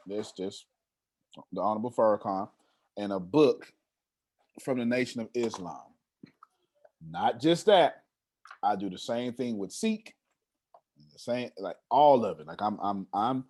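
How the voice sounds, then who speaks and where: A man's voice: medium pitch, darkish tone. Guy hosting a video call meeting, streetwise slang, keeps repeating himself, voice jumps all over. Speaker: host of an online meeting. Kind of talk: casual motivational talk.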